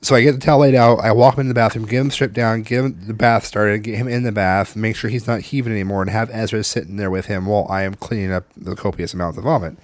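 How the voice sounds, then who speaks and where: A man in his thirties telling a family story in casual chat, animated and swearing, acting out the voices of the people in it. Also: fairly low pitch, fast talker, few pauses, no room sound.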